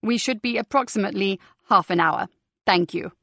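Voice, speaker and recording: A fussy male tour guide in an audiobook, drawing out his words with theatrical flourish, as a woman narrator puts him on. His voice is mid-pitched and dry, with no room around it. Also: vocal fry, pushed and bright, no room sound. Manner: slow, showy tour-guide delivery. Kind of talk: audiobook character voice.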